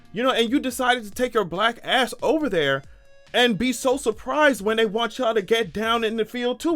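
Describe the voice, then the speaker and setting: A man giving sarcastic, animated, profane commentary in a casual vlog. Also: very high-pitched. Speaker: commentary vlogger.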